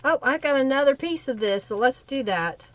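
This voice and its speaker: A woman's voice: high-pitched, lively intonation, normal speed, no echo. A woman with an Oklahoma Southern accent hosting a live crafting stream, chatting casually and answering viewer comments as she works. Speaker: livestream crafting host.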